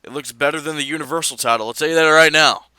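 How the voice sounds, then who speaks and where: A man co-hosting a casual wrestling podcast, reading fan mail and rambling through his opinions in an animated way. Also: on the high side, fast talker, clear, resonant tone, no echo. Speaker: podcast co-host.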